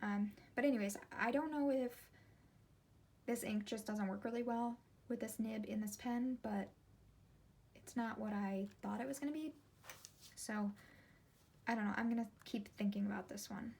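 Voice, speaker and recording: A woman's voice: on the high side, moderate pace, vocal fry, long pauses, a little mellow. A woman in her thirties vlogging casually from her desk at home, chatty and meandering, often breaking off mid-thought. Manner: chatty, meandering, self-interrupting. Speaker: ink collection vlogger. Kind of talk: casual rambling vlog while swatching.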